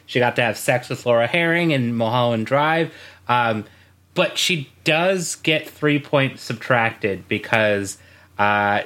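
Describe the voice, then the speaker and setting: A man's voice: medium pitch, sharp tone. A man co-hosting a podcast in casual chat, rambling and laughing at his own jokes. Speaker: podcast co-host.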